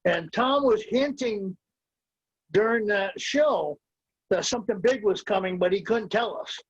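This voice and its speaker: A man co-hosting a casual sports talk show, halting and filler-heavy. His voice sits high, recorded dry and close. The sound is dull and lo-fi. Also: breathy edge, dry recording. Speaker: co-host.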